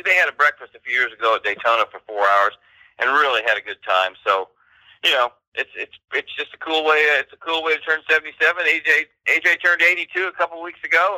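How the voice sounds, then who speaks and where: Guy cohosting a podcast, talks fast, bright crisp voice, dry close sound. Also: on the high side, no echo, poor audio. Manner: chatty anecdotes with quoted voices. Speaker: co-host. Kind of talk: casual podcast chat, storytelling.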